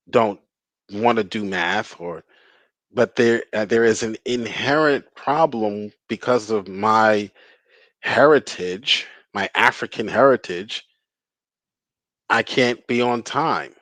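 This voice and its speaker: A man's voice: lowish voice, fairly bright tone, dry recording, rough recording. An older man hosting a show, giving casual, argumentative and sardonic commentary.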